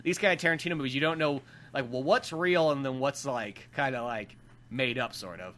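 A man co-hosting a casual movie talk, speaking in quick bursts full of "like" and fillers. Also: medium pitch, a bit bright. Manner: fast, filler-heavy, full of "like".

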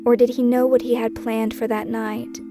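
A woman narrating her own true-crime memoir podcast as host, in a measured, brooding way that weighs one question after another. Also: fairly high pitch, level tone, loud music behind the voice.

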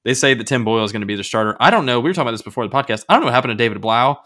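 A man's voice: medium pitch, very fast, sharp tone. A man co-hosting a podcast, chatting casually in a laid-back way and laughing often. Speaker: podcast co-host. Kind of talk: casual chat.

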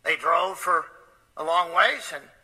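A man's voice: on the high side, slow pace, sharp tone, breathy edge, low-quality recording. A man preaching, telling a story in a conversational way with frequent hesitant fillers. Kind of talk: storytelling sermon.

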